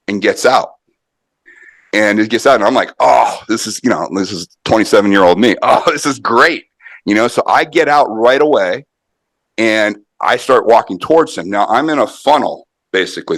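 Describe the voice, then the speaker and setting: Middle-aged male guest, low-ish voice, dry close mic, animated storyteller with fillers. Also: no echo. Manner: animated anecdote-telling with many fillers and restarts. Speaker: podcast guest, martial arts author. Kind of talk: conversational storytelling.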